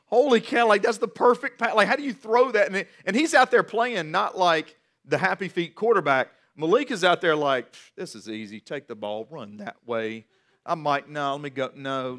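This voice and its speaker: A man in his forties preaching a sermon as pastor, animated and repeating words as he builds each point. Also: on the high side.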